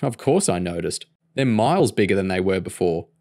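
A man's voice: low-pitched, expressive, brisk, a little mellow. A man voicing a cheeky, easygoing teenage boy in a novel reading.

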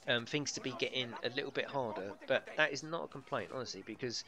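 A gaming livestreamer with a medium-pitched voice talks fast as he casually comments on his live gameplay. He swears freely and laughs often.

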